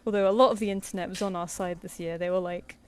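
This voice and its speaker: This young woman, an artist streaming live commissions, speaks fast in a low-leaning, darkish voice that's clear and resonant with fairly even intonation. Chatting casually while drawing, she tells anecdotes, laughs a lot, and acts out quotes.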